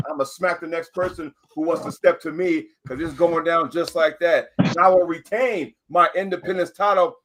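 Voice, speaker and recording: Swaggering American man, fairly high voice. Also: steady tone, moderate pace, few pauses, fairly bright tone, slight background noise. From United States. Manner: swaggering, repetitive, acts out quotes. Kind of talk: boastful trash talk on a call-in show.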